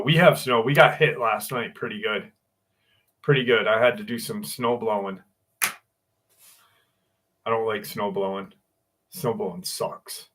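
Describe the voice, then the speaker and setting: A man in his sixties hosts a casual livestream from home, his mid-range voice a bit bright. He chats loosely with viewers, greets them by name, and swears freely.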